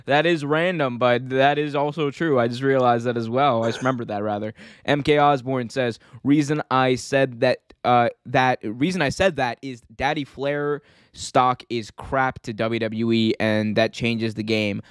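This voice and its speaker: A man's voice: medium pitch, steady tone, normal speed, smooth, no echo, clean studio sound. A man co-hosting a casual wrestling podcast, joking around and reading viewer comments aloud. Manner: jokey, reads chat comments aloud. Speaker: podcast co-host.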